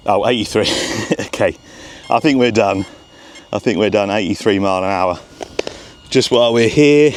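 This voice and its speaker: Excitable man talking outdoors. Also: fairly low pitch, slight background noise. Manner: excitable, chatty, talks to himself. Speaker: RC car vlogger. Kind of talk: casual self-narration while testing. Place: outdoors by a road.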